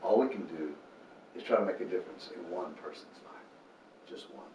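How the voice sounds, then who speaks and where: His voice sits low and moves at normal speed as he, founder of a homeless ministry, recounts earnest faith stories in an interview. Animated, he performs the quotes of people he met, heard through a distant mic in a roomy room with light noise.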